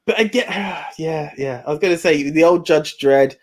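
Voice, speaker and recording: A man's voice: fairly high pitch, normal speed, a little mellow. A British man co-hosting a casual movie podcast, chatty and friendly. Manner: chatty, calls others bro. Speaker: podcast co-host.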